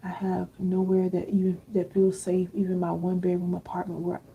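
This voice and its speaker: A middle-aged woman hosting a casual live stream, chatty and warm with viewers, reading their comments aloud. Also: on the low side, monotone, moderate pace, creaky, narrow, tinny audio, a little hiss or hum. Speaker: live-stream host and healing coach.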